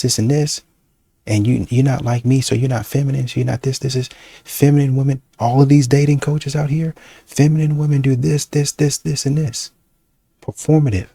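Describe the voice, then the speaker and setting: A man's voice: medium pitch, dark tone, breathy edge, no echo. A man hosting a reaction channel, talking bluntly and repetitively in casual slang. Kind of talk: casual commentary.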